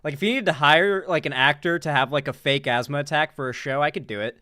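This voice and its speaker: Woman, streamer host, casual livestream commentary, profane, rambling jokes, smooth clear voice. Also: deep voice, fast, sharp tone, dry recording, clean studio sound.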